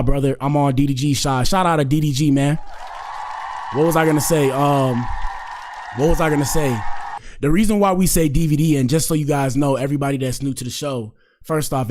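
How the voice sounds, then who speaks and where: A man's voice: medium pitch, darkish tone. A man hosting a commentary show, reacting casually and talking straight to his viewers with slang and repeated catchphrases.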